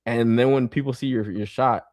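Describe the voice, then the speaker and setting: A man's voice: mid-range voice, steady tone, normal speed, darkish tone, no room sound, studio quality. A man hosting a podcast in a casual, rambling chat who laughs a lot and swears constantly. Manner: loose and rambling, with many fillers. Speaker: podcast host.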